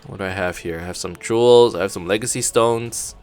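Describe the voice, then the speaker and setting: A man with a lowish voice gives loose, laid-back commentary over his game. He thinks aloud and swears casually. Faint game music plays underneath. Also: fairly quick, a little mellow, smooth. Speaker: gaming channel host.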